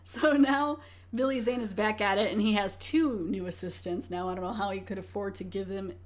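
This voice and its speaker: A woman's voice: medium pitch, steady tone, a little fast. A woman co-hosting a casual podcast at home, retelling a film's plot scene by scene. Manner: retells plot in detail, acting out lines. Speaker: podcast co-host. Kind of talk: casual film review chat.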